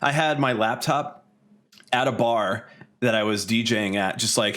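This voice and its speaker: A man in his thirties, a podcast guest, telling a long story in casual, animated chat, swearing and laughing along the way. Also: medium pitch, normal speed.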